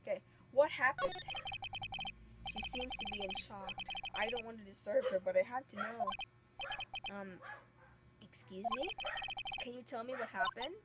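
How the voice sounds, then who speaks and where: A woman's voice: fairly high pitch, normal speed, pauses often, close to an everyday voice. A woman plainly reading a puzzled young lawyer man. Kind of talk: reading game dialogue aloud. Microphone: streaming mic. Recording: very loud static hiss, poor stream mic.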